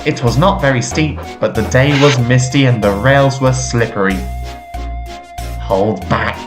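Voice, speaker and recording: A man reading a children's train story aloud, slow and expressive. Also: medium pitch. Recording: music playing behind.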